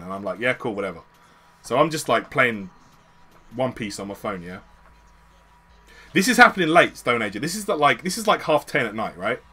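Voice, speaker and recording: A man's voice: medium pitch, moderate pace, long pauses, slightly rough. A man with a British accent, telling a story to his stream in a casual, slangy way with plenty of swearing. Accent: British English. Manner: slangy, swearing, animated retelling.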